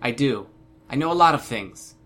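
A man voicing a cool, smooth-talking male villain in an audiobook, almost seductive and quietly mocking. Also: medium pitch, expressive, normal speed, lightly acted. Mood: smooth, menacing. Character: smooth, menacing adult male villain leader. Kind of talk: audiobook character voice.

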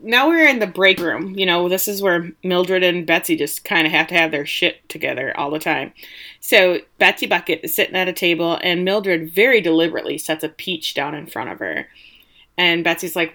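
A woman's voice: fairly low pitch, moderate pace. A woman co-hosting a casual podcast, animatedly retelling scenes. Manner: animated retelling, acting out characters' lines. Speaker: podcast co-host. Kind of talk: casual recap chat.

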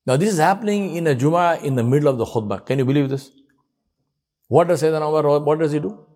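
A man preaching a sermon as a storyteller. He asks rhetorical questions, weaves in Arabic honorifics, and drops soft and low on them. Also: lively intonation, quick pace.

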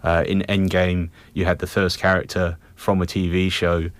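A man's voice: deep voice, level tone, normal speed, no echo. A man chatting eagerly and knowledgeably on a studio panel, often restarting his thoughts. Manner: enthusiastic, knowledgeable, trails off mid-thought. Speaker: film show panelist. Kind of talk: casual studio discussion.

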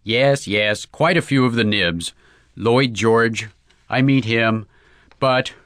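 A man voicing an excitable Russian novelist in broken English with a put-on Russian accent, effusive and exclamatory. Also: mid-range voice, slow, clean tone, dry recording, clean studio sound. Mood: peevish.

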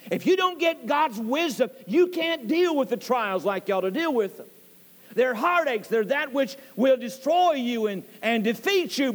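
High-pitched preacher with a lively voice. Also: male voice, big-room sound. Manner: emphatic, repeats key phrases, voice swoops high on stressed words. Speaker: pastor. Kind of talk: sermon. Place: church sanctuary.

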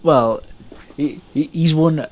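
A man's voice: on the high side, slow pace, a little hiss or hum. A young man on a student radio show, making his point in a hesitant, stumbling way. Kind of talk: casual chat.

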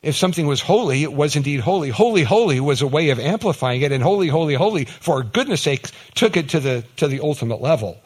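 A man preaching a sermon in a lively, conversational way, often repeating words and acting out quick mock exchanges. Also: fairly high pitch, slightly rough. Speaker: pastor.

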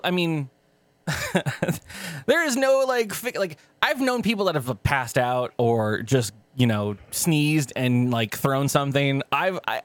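A young man co-hosting a podcast, telling a story in casual, profane chat with sudden pitch jumps. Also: big pitch swings, unhurried, a bit bright, dry recording. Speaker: podcast co-host.

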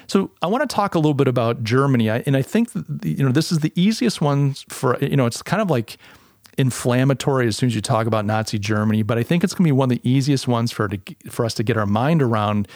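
A man's voice: mid-range voice, animated, fast talker, darkish tone, no room sound, clean studio sound. A man from the United States hosting a podcast, talking in a casual, opinionated, rambling monologue with frequent restarts. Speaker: podcast host.

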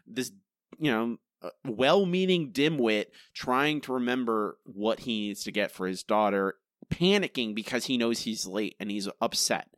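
A man's voice: medium pitch, no room sound, studio quality. A man co-hosting a podcast, critiquing a TV episode in casual, emphatic talk with lots of restarts. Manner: animated, emphatic, many restarts. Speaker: podcast co-host.

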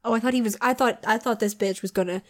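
A woman with a somewhat high voice reads a steamy novel aloud for laughs. She giggles often and breaks off with mock disgust, keeping a playful comedic tone. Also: steady tone, quick pace. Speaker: podcast co-host. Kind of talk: comedic reading and banter.

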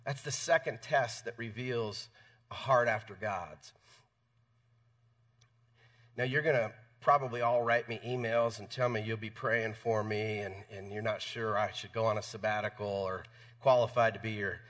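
A man's voice: lowish voice, steady tone, normal speed, fairly bright tone, distant mic. A man preaching a sermon in a church, conversational, stumbling over repeated words. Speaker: pastor. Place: church sanctuary.

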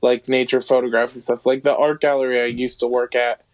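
Laid back guy describing a photo he loved, lots of likes and ums, mid pitch. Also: level tone, a little fast. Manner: easygoing, descriptive storyteller with many fillers. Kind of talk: casual chat.

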